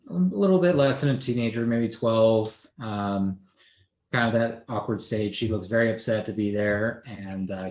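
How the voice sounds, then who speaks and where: A man's voice: fairly low pitch, a little mellow, reverberant. A man running a tabletop game as game master, narrating casually with frequent fillers and restarts. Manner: casual, halting, many fillers.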